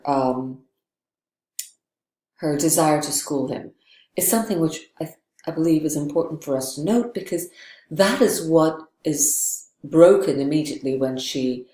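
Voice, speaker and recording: A woman's voice: sits low, dark tone, echoey room. A woman giving a literature lecture, thoughtful and digressive, often checking in with "right?". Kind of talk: recorded lecture.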